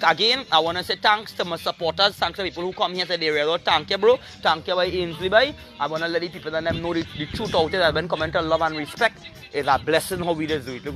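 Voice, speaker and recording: A man's voice: a little high, fairly bright tone. A man, hosting a rambling opinion monologue in a preachy, emphatic way. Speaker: show host.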